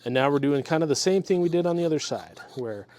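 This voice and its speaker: A man talking through a guitar repair step by step in his workshop, relaxed and methodical as he works with his hands. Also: a little high, fast talker. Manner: relaxed, methodical, talks while working with hands. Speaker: luthier demonstrating a repair.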